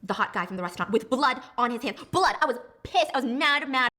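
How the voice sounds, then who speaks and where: A woman reading a story aloud with animated, excitable delivery. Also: high-pitched, quick pace. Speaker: story narrator.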